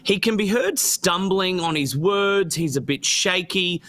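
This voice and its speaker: A man's voice: high-pitched, animated, a little slow, bright, forceful tone. A man hosting a radio talk show in an easygoing, conversational way.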